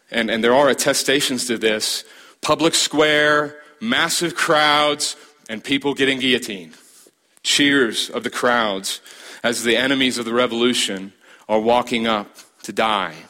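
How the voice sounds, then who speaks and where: A man preaching a sermon as a pastor, building emphasis with dramatic pauses and repeated phrases. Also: mid-range voice, bright, forceful tone.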